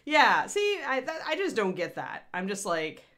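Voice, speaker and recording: Woman host, chatty and rambling, bright voice with a lively, bouncing pitch. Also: normal speed. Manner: rambling, chatty, grumbling asides. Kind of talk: casual livestream chat.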